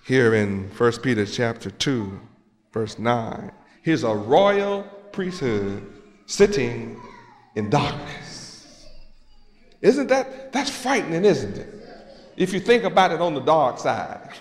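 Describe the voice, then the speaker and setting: A man preaching a sermon, dramatic, shouting and acting out scenes to the congregation. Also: mid-range voice, sing-song, slow. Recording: echoey hall with long reverb.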